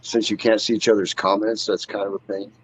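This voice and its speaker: A man chatting as a guest on a live stream, laid-back and full of fillers while he pitches ideas. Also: level tone, brisk, crowd noise. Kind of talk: casual group chat on a live stream. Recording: dull lo-fi stream audio.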